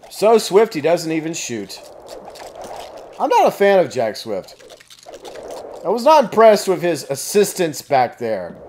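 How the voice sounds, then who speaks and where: A man commentating his video game play, often frustrated, shouting and swearing. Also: fairly high pitch, slight background noise. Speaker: let's play gamer. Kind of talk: live gameplay commentary. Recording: gameplay with music behind.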